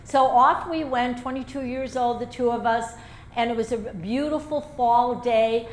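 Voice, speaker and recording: Older woman telling lively stories. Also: a little high, a little slow, slight background noise. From Chicago, USA. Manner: animated anecdotal storyteller. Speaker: author giving a talk. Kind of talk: storytelling talk to a live audience. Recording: roomy echo, faint ambience.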